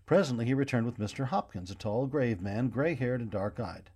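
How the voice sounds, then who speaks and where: Expressive man reading a children's story. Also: medium pitch, brisk, breathy edge. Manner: expressive, gently paced reading.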